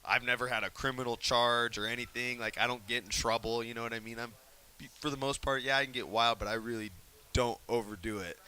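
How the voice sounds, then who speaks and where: A man telling a story in a casual interview, animated and laughing, acting out quotes in hushed whispers. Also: medium pitch, fairly quick, clean tone. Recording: faint hiss.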